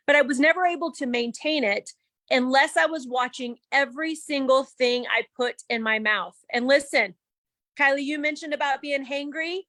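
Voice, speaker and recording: A woman giving a candid, animated personal testimony on a video call, laughing as she goes. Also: high-pitched, no room sound. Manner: chatty and animated, with laughs and quoted self-talk.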